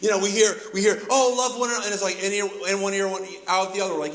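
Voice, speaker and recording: A man preaching a sermon as pastor, lively and conversational, acting out quoted voices and often restarting his phrases. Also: sits high, racing, hardly any pauses, reverberant, slight background noise, low-quality recording. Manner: animated, acts out quoted voices, many restarts.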